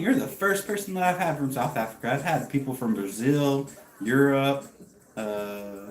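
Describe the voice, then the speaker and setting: An American man in his thirties hosts a livestream from his home garage, chatting casually with viewers and greeting them by name. His voice is medium-pitched, and the audio is poor and echoey.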